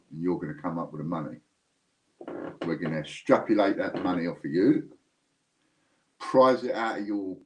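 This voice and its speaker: A man's voice: sits low, rough recording. A man hosting a live stream, chatting casually and jokingly straight to his viewers. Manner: rambling, jokey, talks straight to viewers.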